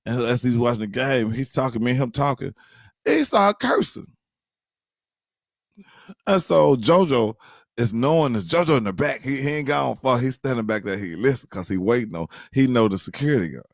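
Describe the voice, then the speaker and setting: Animated man telling a funny story. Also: mid-range voice, a little fast, creaky, no room sound, studio quality. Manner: animated, addresses listeners directly, many fillers. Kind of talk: casual storytelling to viewers.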